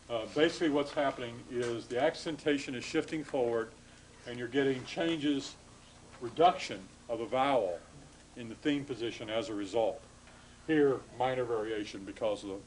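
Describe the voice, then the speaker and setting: Halting male lecturer with many fillers. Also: medium pitch, darkish tone, slight background noise, poor audio. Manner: halting, frequent uh fillers, self-correcting. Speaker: Hebrew grammar lecturer. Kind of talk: classroom lecture.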